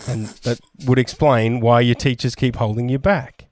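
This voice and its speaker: Mellow-voiced mocking man, dry. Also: medium pitch, steady tone, moderate pace, no echo. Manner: mocking, insulting. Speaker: podcast co-host. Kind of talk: crude comedic banter.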